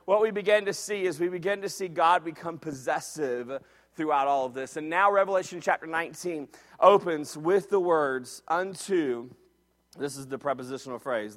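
A high-voiced man preaching in a church, his words ringing out through a long, reverberant hall. He moves from quiet, deliberate teaching to loud, shouted exhortation. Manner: preaching with rising intensity and occasional shouts. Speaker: pastor. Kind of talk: sermon.

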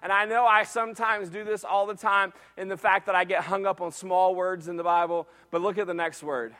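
A high-voiced man preaching in a church, his words ringing out through a long, reverberant hall. He moves from quiet, deliberate teaching to loud, shouted exhortation. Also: fairly even intonation. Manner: preaching with rising intensity and occasional shouts. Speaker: pastor. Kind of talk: sermon.

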